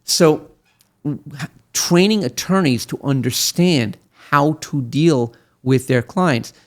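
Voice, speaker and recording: A man in his sixties from Brooklyn, an attorney telling stories as an interview guest, animated, with many fillers and restarts. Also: a little high, slow pace. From Brooklyn, USA. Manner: animated storyteller with many fillers and restarts who acts out quotes. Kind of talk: interview storytelling.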